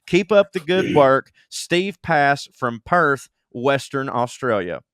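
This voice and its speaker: A man's voice: medium pitch, lively intonation, takes it slowly, fairly bright tone, dry recording, studio quality. A self-deprecating man co-hosting a comedy podcast, reading listener emails aloud with laughs and comic asides. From Southern United States. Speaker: podcast co-host.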